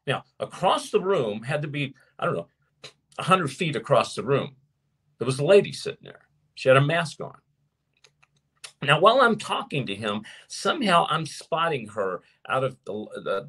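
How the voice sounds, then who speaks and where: A man preaching and teaching to his viewers as host of his show, emphatic, slowing down to stress points. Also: medium pitch, husky. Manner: animated and emphatic, slows down to stress key points. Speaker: preacher hosting a live show. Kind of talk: sermon-style teaching to a live audience.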